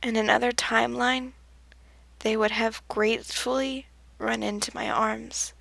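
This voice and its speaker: A woman reading her own story aloud in the first person, soft-spoken and often dropping to a whisper. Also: on the high side, flat delivery, unhurried, gravelly, dry recording. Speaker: fanfiction reader.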